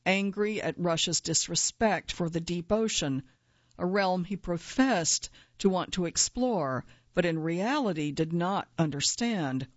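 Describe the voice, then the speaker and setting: A woman reading her own first-person nonfiction essay aloud in a measured, earnest way, at times quietly angry. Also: lowish voice, no echo, lo-fi sound.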